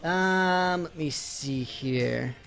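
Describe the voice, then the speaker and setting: Bright-voiced chatty male game streamer. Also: a little high, very slow, vocal fry, soft background music. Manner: chatty and self-mocking, talking to viewers while playing. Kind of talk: casual live-stream gameplay chat.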